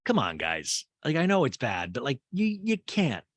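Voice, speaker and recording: A man's voice: medium pitch, huge pitch swings, normal speed, no echo. A young man casually recapping a reality show, chatty and sarcastic, poking fun at the cast. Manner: chatty, sarcastic, mocks the cast with quoted asides.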